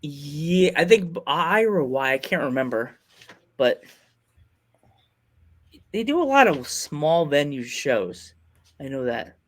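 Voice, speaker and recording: A man hosting a podcast, telling rambling, excitable stories in casual chat. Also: fairly high pitch, slow pace, long pauses. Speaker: podcast host.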